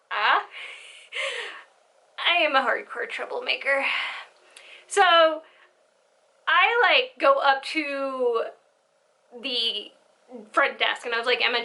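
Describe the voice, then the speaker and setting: A woman's voice: high-pitched, sharp tone, low-quality recording. A young woman telling a rambling, giggly storytime vlog with side tangents. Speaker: vlogger.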